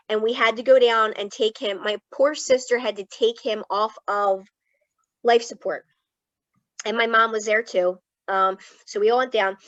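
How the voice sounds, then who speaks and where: A woman with a Philadelphia accent tells her family story in a frank, casual way, and her voice is on the higher side. She sounds close to the mic and dry, but dull, as over a video call. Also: no room sound. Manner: emotional, tearful at times, frank and casual. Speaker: guest speaker, clinical psychologist. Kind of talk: candid personal storytelling.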